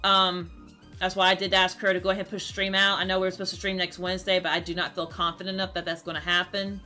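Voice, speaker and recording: A woman's voice: lowish voice, little pitch movement, fast talker, bright, forceful tone, faint music behind. A woman, a streamer talking casually to her chat, rambling and repeating words, upset and close to tears. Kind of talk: casual talk to camera.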